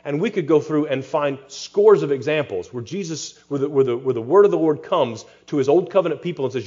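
A man's voice: a little high, expressive, fairly quick, few pauses, dark tone, muffled recording. A man, a pastor, preaching an expository sermon with rhetorical questions and dry humor.

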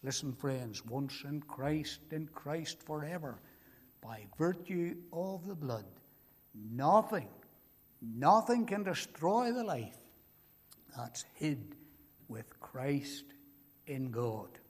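Slow, emphatic older preacher in a reverberant hall. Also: male voice, fairly high pitch, expressive, husky. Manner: emphatic, repeats key phrases, pleading. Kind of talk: evangelistic sermon.

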